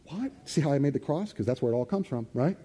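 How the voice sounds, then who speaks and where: A man preaching a sermon to a live congregation, leading call-and-response and swinging from loud exclamations to hushed near-whispers. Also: mid-range voice, animated, fast, husky. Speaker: pastor. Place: church hall before a live congregation.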